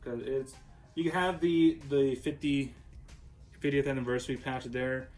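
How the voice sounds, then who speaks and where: A man's voice: medium pitch, fairly even intonation, measured pace, a little mellow, soft background music, rough recording. Rambling man from Minnesota. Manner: rambling, with many fillers and restarts. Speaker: jersey collector. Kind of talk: casual showcase vlog.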